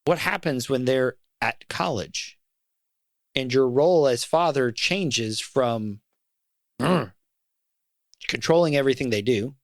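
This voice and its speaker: A man's voice: mid-range voice, takes it slowly, long pauses, dry recording, studio quality. A middle-aged man in casual podcast conversation, speaking in an earnest, reflective way. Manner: earnest and reflective, talks about fatherhood with feeling. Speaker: podcast co-host.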